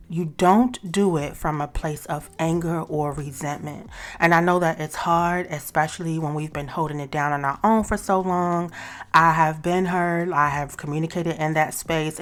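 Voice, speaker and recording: A woman hosting a talk show, giving chatty, direct advice to her listeners in a casual way. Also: deep voice. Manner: chatty and direct, addresses listeners as y'all and sis. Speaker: host.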